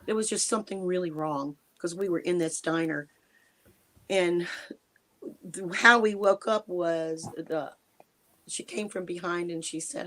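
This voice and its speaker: A woman in her sixties from the United States, a guest telling a personal encounter in a halting, emotional way, with a dry mouth and frequent restarts. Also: lowish voice, steady tone, fairly bright tone. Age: 60s. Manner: halting, restarts sentences, speeds up and slows down. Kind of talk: emotional first-person storytelling.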